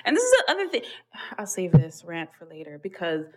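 A woman's voice: on the low side, a little fast. A young woman from Canada co-hosting a podcast in casual chat, telling stories animatedly, ranting and acting out the lines of others. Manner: animated ranting storyteller who acts out quoted exchanges. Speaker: podcast co-host.

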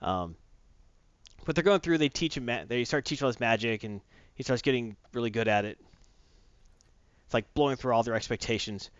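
A man in a casual chat, retelling a comic book story in animated fashion and acting out the characters' lines. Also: medium pitch, brisk, pauses often, smooth, no echo, dull audio.

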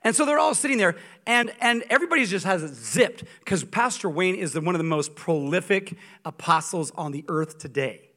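A man preaching as a guest speaker, telling stories in an animated, humorous and emphatic way. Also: high voice, brisk, few pauses. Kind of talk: sermon.

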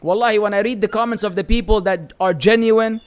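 High-voiced Lebanese-accented man, bantering. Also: fairly quick, smooth. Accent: Lebanese Arabic. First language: Arabic. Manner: animated, bantering, frequent Arabic phrases, searches for words. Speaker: Islamic teacher answering viewer questions. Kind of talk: live-stream Q&A reading chat comments.

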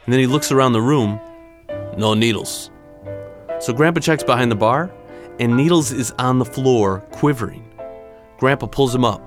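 A man's voice: mid-range voice, moderate pace, long pauses, over music. Man telling a story in punchy phrases. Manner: punchy, short clipped phrases. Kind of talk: dramatic personal storytelling.

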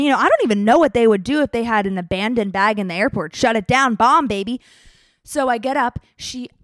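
A young woman telling a travel story in a casual, animated, exaggerated way. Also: a little high, no echo, studio quality.

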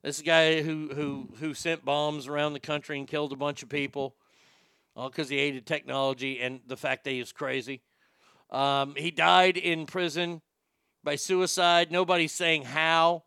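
A man hosting a podcast, ranting with sarcastic, profane bluster. His voice is bright and forceful, with a crisp, clean tone. The sound is close and dry, with no room around it. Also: a little high, flat delivery, moderate pace, no room sound. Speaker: podcast host. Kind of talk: opinionated talk show rant.

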